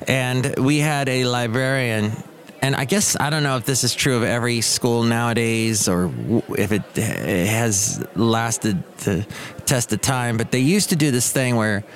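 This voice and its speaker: Rambling middle-aged man telling stories. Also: medium pitch. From Southern California. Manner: rambling, digressive storytelling with asides. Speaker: podcast host. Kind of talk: casual monologue.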